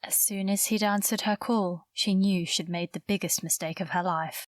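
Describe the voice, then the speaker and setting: A woman narrating a romantic suspense audiobook in a measured, even storytelling manner, recorded close to the mic. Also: medium pitch, dry recording. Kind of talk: scripted narration.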